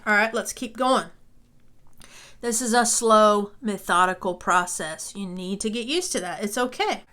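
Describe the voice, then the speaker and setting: A woman's voice: mid-range voice, lively intonation, unhurried, sharp tone. A woman teaching a music lesson, talking patiently and reassuringly, often checking in with "okay?", and sometimes singing along.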